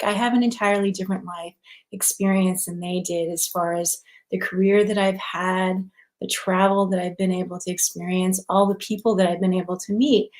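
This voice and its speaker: A middle-aged woman, a guest in an interview, telling her story in a lively, expressive way, laughing often and mixing in Spanish words. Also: medium pitch. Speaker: guest, recipe website founder.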